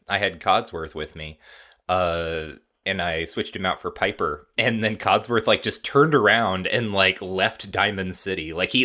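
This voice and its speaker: Low-voiced man in casual game chat. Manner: relaxed, filler-heavy. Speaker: podcast co-host.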